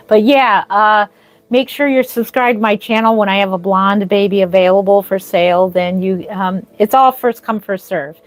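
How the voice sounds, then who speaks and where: A woman hosting a casual livestream, chatting with viewers and gushing thanks for their gifts. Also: medium pitch. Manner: gushing, easily moved, thanks viewers often. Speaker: livestream host, reborn doll artist.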